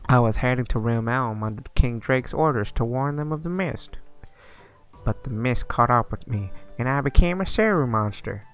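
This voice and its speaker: A man's voice: medium pitch, normal speed, clear, resonant tone, faint music behind, close to an everyday voice. A man doing a Southern-drawled royal envoy. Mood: earnest, formal. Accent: put-on Southern US. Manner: stiff formal reading. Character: formal male royal envoy, grateful and earnest.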